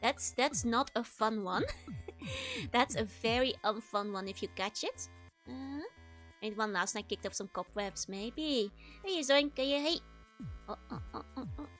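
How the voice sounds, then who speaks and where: A woman's voice: on the high side, big pitch swings, unhurried, fairly bright tone, soft background music. A Dutch woman streaming, chatting casually with her audience, giggly and greeting viewers one by one, with a tickly, scratchy throat. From Netherlands.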